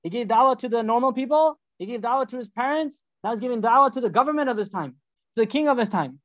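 A man giving a storytelling sermon as a religious teacher, animated and acting out the dialogues. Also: very high voice, fast, dry recording, lo-fi sound.

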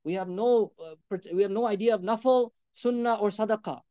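A man with a very high voice delivers a sermon at a rapid clip, pressing each point home by repeating it. His words come through dry and close, with little room sound. The recording is a little dull and muffled. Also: clean tone, no room sound. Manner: emphatic, repetitive exhortation. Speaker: preacher.

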